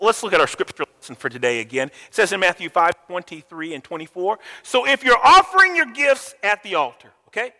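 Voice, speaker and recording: A man's voice: a little high, pushed and bright, big-room sound. A man preaching a sermon as pastor, emphatic and repeating his words, calling on the congregation to answer back.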